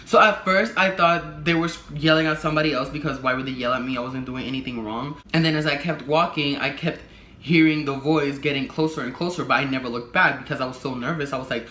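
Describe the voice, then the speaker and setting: A young man with a fairly high, bright, forceful voice tells a story in a casual vlog, animated and swearing freely. He acts out everyone else's lines himself. The room is echoey, with a faint hum behind him. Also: fairly quick. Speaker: vlogger.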